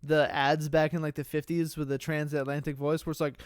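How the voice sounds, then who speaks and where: Man on a casual podcast with a fairly high, smooth voice. He rambles and restarts his sentences, filling gaps with "uh" and "like." The sound is close and dry, with no room echo. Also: flat delivery, fairly quick. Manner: rambling, many fillers and restarts. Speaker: podcast co-host.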